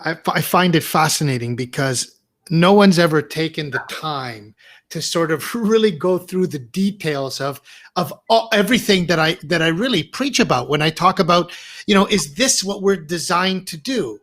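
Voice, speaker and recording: A woman's voice: low-pitched, animated, normal speed. A woman hosting a casual interview, affirming and enthusiastic toward her guest. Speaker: host, clarity coach.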